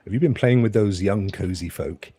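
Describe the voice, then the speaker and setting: A man's voice: fairly low pitch, moderate pace, mellow, slightly rough, no room sound, studio quality. A man hosting a casual chat show, jovial, laughing often and calling guests brother and mate. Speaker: host.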